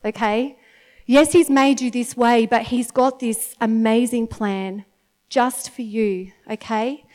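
Woman, mother, church speaker; slightly high voice, conversational storytelling sermon with frequent check-ins. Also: fairly even intonation, slow, darkish tone. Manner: chatty, storytelling, keeps checking in with the audience by asking "okay?".

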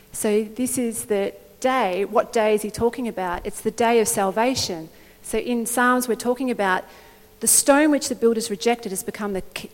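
A middle-aged woman preaching a sermon in an animated, conversational way, often checking in with her listeners. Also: fairly high pitch. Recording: long hall reverb.

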